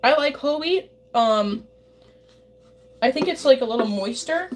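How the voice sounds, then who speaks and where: With background noise in her home kitchen, a livestreamer bakes while chatting loosely with her viewers, rambling and speaking right to her chat. Her high voice has lively intonation and an unhurried pace.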